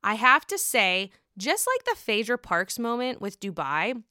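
Young woman gushing about reality tv, bit high voice, dry close sound. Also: unhurried, clear, resonant tone, no echo. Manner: excitable, chatty, swears freely. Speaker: reality TV commentary host. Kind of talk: casual solo commentary.

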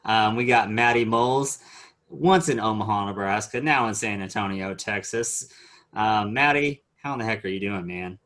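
A man hosts a laid-back sports podcast. His voice sits low, and he jokes along between plenty of filler words. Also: moderate pace, a bit bright. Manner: loose, joking, lots of "um" fillers. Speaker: podcast host. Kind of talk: casual sports chat.

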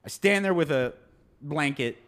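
Animated man telling a story. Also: a little high, a little slow. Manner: animated, acts out quoted people, laughs often. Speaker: podcast co-host telling a story. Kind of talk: casual storytelling chat.

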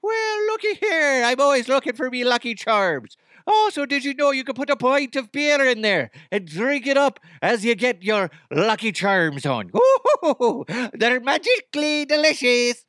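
A man's voice: extremely high pitch, big pitch swings, measured pace, fairly bright tone, no room sound, studio quality, voice pushed up, exaggerated voice. A man voicing a jolly leprechaun-like Irishman with a put-on Irish accent.

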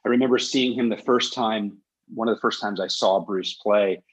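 A man's voice: lowish voice, moderate pace, slightly rough, rough recording. A man hosting a podcast, telling long digressive stories in casual chat. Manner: animated storyteller, digressive. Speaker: podcast host.

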